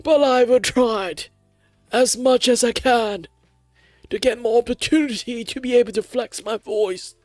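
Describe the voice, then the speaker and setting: A streamer from Malaysia putting on the voice of an old-fashioned 1950s radio announcer, an old man, with loud, drawn-out, theatrical delivery. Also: mid-range voice, no echo, voice pushed up. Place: home streaming setup.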